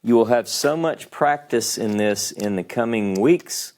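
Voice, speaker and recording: A man's voice: mid-range voice, expressive, unhurried, darkish tone. A man teaching a beginners' class, explaining patiently step by step at a board and checking in with his students. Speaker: Hebrew teacher. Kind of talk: classroom lesson.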